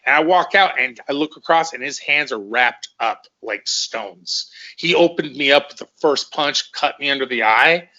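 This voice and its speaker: A man's voice: mid-range voice, normal speed, hardly any pauses, bright, forceful tone, muffled recording. A middle-aged man, a former fighter, telling rambling, profane stories in casual conversation and often repeating himself.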